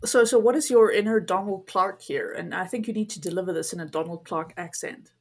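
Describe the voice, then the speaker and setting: A woman's voice: mid-range voice, fairly quick, background noise. A woman co-hosting a casual podcast discussion who chimes in with a playful, teasing manner. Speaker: podcast co-host.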